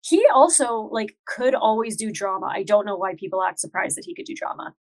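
A woman in casual podcast chat, opinionated and pausing with fillers. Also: medium pitch, expressive, a little mellow. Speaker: podcast co-host.

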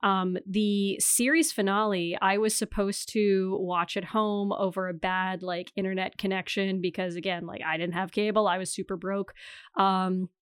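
A woman's voice: mid-range voice, flat delivery, moderate pace, smooth, no echo, studio quality. A woman in her thirties from Northern Ontario with a Canadian accent, hosting a podcast in chatty, self-deprecating casual talk with frequent laughs. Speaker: podcast host. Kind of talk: casual chat.

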